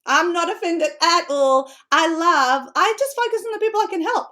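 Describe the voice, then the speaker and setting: An Australian woman coaching would-be authors in a seminar talk, bubbly and quick to laugh. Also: very high voice. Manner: bubbly, laughing often, animated. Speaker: author and book-writing coach.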